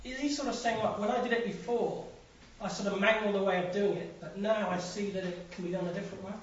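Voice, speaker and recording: A man's voice: sits high, steady tone, quick pace, a little hiss or hum. A man in the audience hesitantly asking the lecturer a question. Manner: tentative, hesitant. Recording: distant, very echoey, dull.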